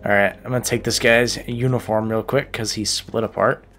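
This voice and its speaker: A man's voice: lowish voice, steady tone, brisk, a bit bright, faint music behind. A man giving joking, profane gameplay commentary, talking to himself as he plays. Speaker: gaming YouTuber.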